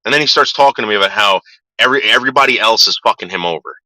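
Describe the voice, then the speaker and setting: A man with a fairly low voice and a sharp, forceful edge talks straight to his viewers. He rambles through a story bluntly, with plenty of swearing. The sound is dry, with no room around it. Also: rapid-fire, no echo, low-quality recording. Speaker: vlogger. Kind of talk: casual storytelling to camera.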